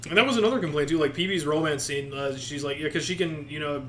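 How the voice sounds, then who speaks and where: A man with a somewhat high voice co-hosts a casual podcast. He swears freely, laughs often and slips into quoted voices as he tells a story. A faint hiss sits under his voice. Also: fast, pushed and bright. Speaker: podcast co-host. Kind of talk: casual chat.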